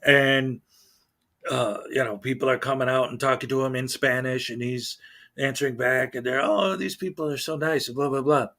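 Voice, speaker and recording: A man's voice: medium pitch, flat delivery, moderate pace, sharp tone. A man hosting a casual livestream, chatting with viewers in a rambling way, full of fillers and restarts. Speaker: livestream host.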